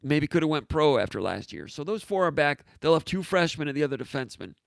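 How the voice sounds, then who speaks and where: Man, hoarse, gravelly, casual sports talk host, rambling, dry close sound. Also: on the high side, animated, fast, no echo. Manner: rambling, offhand, with frequent fillers and asides. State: hoarse, losing his voice. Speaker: sports site publisher hosting a live show. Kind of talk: casual sports talk, reading viewer comments.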